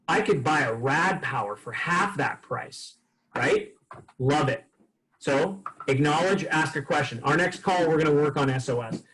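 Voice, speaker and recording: A man's voice: medium pitch, rough recording. A man leading a sales training session, telling customer stories casually and acting out the dialogue. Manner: casual, lively storytelling with acted-out dialogue.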